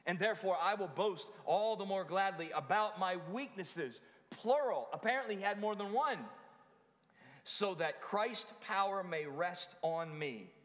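A man's voice: sits high, fairly bright tone. A man preaching a sermon in a conversational way, with frequent asides to the congregation. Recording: long hall reverb.

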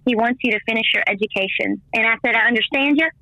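Bright, lively woman telling a faith story. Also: fast talker, no room sound, highs cut off. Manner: lively storyteller, acts out quoted voices with big pitch jumps. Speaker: interview guest, former missionary and teacher. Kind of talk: personal faith story told in conversation.

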